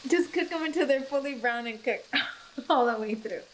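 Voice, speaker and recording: A young pregnant woman chats in her kitchen, laughing often and getting teary. Her voice sits a little high. A pan sizzles faintly in the background. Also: moderate pace, a little hiss or hum, low-quality recording. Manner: emotional and giggly, many fillers. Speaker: vlogger. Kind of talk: casual chat while cooking. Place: home kitchen. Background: food sizzling in a pan.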